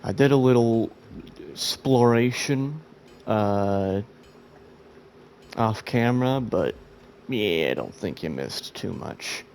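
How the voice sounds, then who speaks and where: A man's voice: on the low side, lively intonation, takes it slowly, pauses often, a little mellow, a little hiss or hum. A man who has just woken up, chatting through his gameplay in a rambling, self-mocking way. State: sleepy, just woke up. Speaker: gameplay video host. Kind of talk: casual let's-play commentary.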